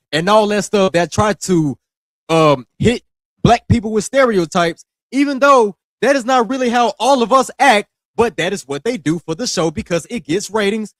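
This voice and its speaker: Brief: young male wrestling podcast host, scolding and slangy, fairly high voice, dry close sound. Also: no room sound. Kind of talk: casual ranting commentary.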